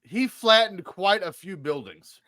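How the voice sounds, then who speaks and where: A man's voice: high voice, animated, measured pace, crowd noise. A man co-hosting a podcast in casual chat, arguing his point and swearing freely. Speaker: podcast co-host.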